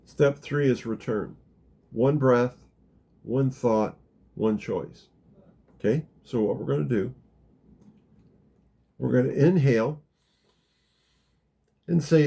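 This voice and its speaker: Slow husky guy leading a soft spiritual meditation, gravelly and mellow. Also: medium pitch. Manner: slow, gentle, drops to a near whisper in the guided parts. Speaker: spiritual teacher guiding a practice. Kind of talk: guided meditation talk.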